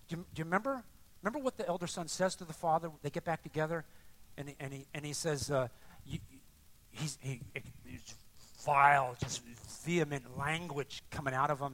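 Older male pastor, conversational sermon, high and bright voice. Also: normal speed, a little hiss or hum. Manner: animated, conversational, acts out voices.

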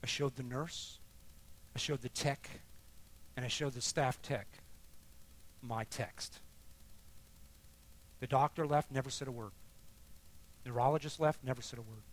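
Middle-aged man, sermon-style testimony, average pitch, emotional storytelling, quiet then loud emphatic bursts. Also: fairly even intonation, unhurried, pauses often. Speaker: speaker sharing testimony.

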